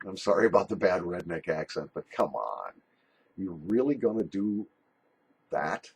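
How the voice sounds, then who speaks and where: Brief: older man, low and very husky voice, joking and rambling through a friendly video letter. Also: sing-song, unhurried. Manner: jokey, rambling, bawdy, friendly. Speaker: pipe and snuff YouTuber.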